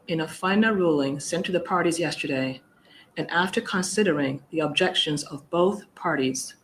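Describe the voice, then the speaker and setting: Woman, commissioner, formal procedure, measured and firm, faint background hum. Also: sits low, poor audio. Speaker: commissioner presiding over a hearing.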